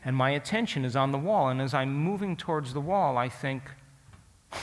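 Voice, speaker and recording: Speaking fairly quickly in an animated, mid-range voice, this man teaches an audience through a story, and the big room is audible. He questions listeners directly and plays out his own past thoughts.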